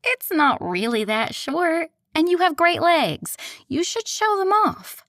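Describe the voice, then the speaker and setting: A woman voicing a bossy, bubbly young female friend who speaks high and emphatic in an audiobook. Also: sing-song, takes it slowly, a bit bright, no echo, clean studio sound, heavily acted.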